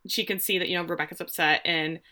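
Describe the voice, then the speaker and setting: A woman's voice: on the low side, fast talker. A woman in her forties hosting a casual podcast, animatedly recapping a TV episode and laughing often as she retells scenes. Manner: animated storyteller who laughs often and briefly voices characters.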